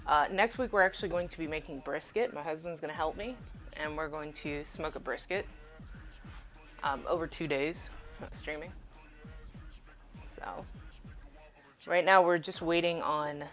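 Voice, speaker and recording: Low-voiced woman chatting while she cooks. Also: normal speed, long pauses, a bit bright, faint music behind. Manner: rambling, swears casually, laughs often. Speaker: cooking streamer. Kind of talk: casual live-stream chat while cooking. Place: home kitchen.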